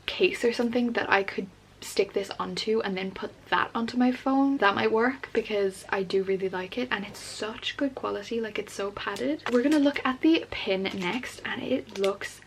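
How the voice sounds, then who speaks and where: A young woman vlogging casually about books, gushing and excitable, with lots of filler words. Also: mid-range voice, normal speed, slight background noise, poor audio. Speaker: book vlogger. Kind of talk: casual unboxing chat.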